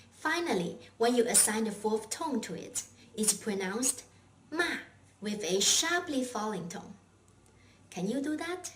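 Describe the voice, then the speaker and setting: A woman's voice: medium pitch, distant mic. A woman teaching a language lesson, patient and encouraging, asking questions and praising the learner. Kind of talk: slow, clear language lesson with drills. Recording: echoey room, voice set back from mic, faint noise.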